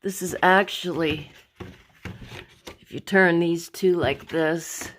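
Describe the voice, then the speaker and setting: Her voice fairly low and steady, a vlogger slowly talks through the paintings hung along her wall, rambling and amending her words as she searches for them. A little hiss or hum sits in the background of this casual show-and-tell.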